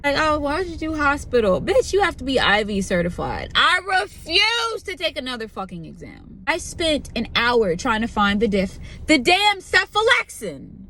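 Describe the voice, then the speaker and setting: A young woman tells an exasperated, profanity-laced story about her new job. Her voice sits a little high and swings widely as she vents. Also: normal speed, hardly any pauses, a little hiss or hum. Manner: profane, exasperated, animated retelling with quoted voices. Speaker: pharmacy technician. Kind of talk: ranting storytime vlog.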